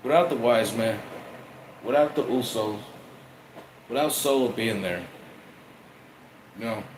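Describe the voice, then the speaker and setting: A man's voice: mid-range voice, unhurried. Man, casual wrestling review, profane, rambling, repeats himself, echoey room, faint AC hum. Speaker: wrestling commentator.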